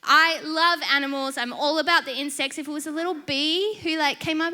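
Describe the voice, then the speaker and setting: Female church speaker, high and bright, lively humorous sermon storyteller. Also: a little fast, few pauses.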